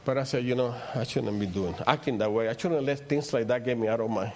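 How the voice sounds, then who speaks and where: With a quick pace and medium pitch, an older man preaches as a pastor, his native Spanish showing in his accent. The sermon rambles through stories and swells toward emphatic high points.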